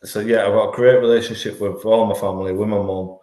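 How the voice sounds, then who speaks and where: A man in his 40s, a life coach appearing as a podcast guest, speaks in a fairly low, level, warm voice at a fast clip. The interview is candid and conversational, and he comes across as earnest, often restarting his thoughts and repeating words as he does. The recording has a roomy echo.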